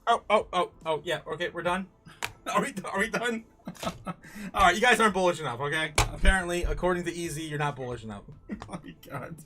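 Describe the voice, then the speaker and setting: A man's voice: on the high side, a little fast, over music. A man hosting a casual livestream, laughing often and rambling through fillers and restarts. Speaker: crypto livestream host.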